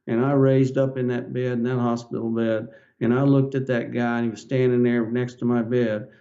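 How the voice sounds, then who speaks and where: A man's voice: mid-range voice, little pitch movement, moderate pace, mellow, muffled recording. An older man, a podcast guest, telling his story in an earnest, folksy way and acting out the dialogue. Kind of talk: storytelling interview.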